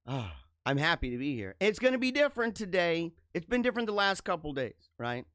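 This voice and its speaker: A man's voice: a little high, sing-song, brisk, a bit bright, clean tone, no echo, studio quality. A middle-aged man hosting his own live show, talking casually in a joking, emotional way with many restarts. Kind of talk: casual live-stream monologue.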